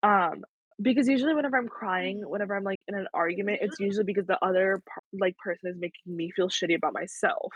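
A woman's voice: medium pitch, fast, husky, no echo. A young woman co-hosting a casual podcast chat, talking candidly with lots of "like" and the odd swear word. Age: young adult. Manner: candid, swears freely, full of "like". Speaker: podcast co-host. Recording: dry, dull lo-fi sound.

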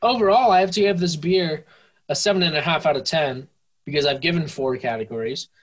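A young man co-hosting a casual podcast, tipsy and playful, slipping into mock-infomercial pitches. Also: a little fast. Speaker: podcast co-host. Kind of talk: casual drunk podcast banter.

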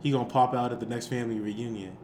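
A man's voice: medium pitch, fairly even intonation, fast talker, noisy background. A young man co-hosting a podcast in casual chat, joking and restarting his sentences. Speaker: podcast co-host.

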